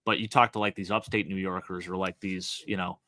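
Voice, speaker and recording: A man from Western New York with a Buffalo accent, co-hosting a casual sports chat with eager, quick analysis. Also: deep voice, little pitch movement, sharp tone. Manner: enthusiastic, quick analytical talk with fillers. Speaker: co-host.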